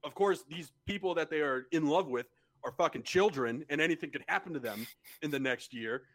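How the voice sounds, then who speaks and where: A man's voice: a little high, a little fast, fairly bright tone. A man co-hosting a podcast in casual chat, blunt and exasperated, swearing freely. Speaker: podcast co-host.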